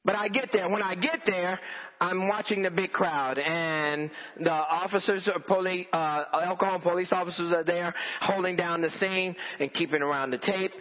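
A man preaching a storytelling sermon to a congregation, animated and repeating phrases for emphasis. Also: high voice, moderate pace. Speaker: pastor. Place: church in front of a congregation. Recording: dull lo-fi audio with long hall reverb.

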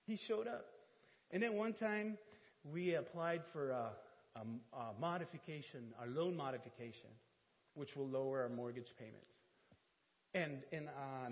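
A man tells a church testimony in an animated, storytelling way, laughing often and making fun of himself. His voice sits high and swings widely in pitch. The recording is dull, with a long hall reverb. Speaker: church speaker giving testimony. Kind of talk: sermon testimony.

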